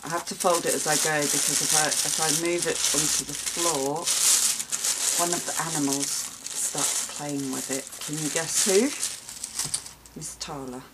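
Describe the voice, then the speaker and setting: Low, slow-talking gushing woman. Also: fairly even intonation, heavy background noise. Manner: gushing, exclaims and gasps often. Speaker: vlogger opening gifts. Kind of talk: casual unboxing chat. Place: at home.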